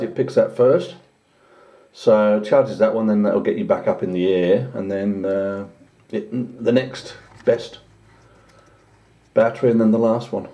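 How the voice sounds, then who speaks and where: The recording is muffled, and the man's voice has a dark tone. In his home vlog he chats casually while unboxing a drone, breaking into a high singsong whenever he addresses his dog.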